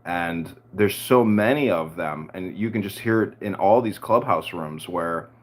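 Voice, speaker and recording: A man's voice: low-pitched, measured pace. A man hosting a political podcast, talking in a heated, crude rant. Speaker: podcast host.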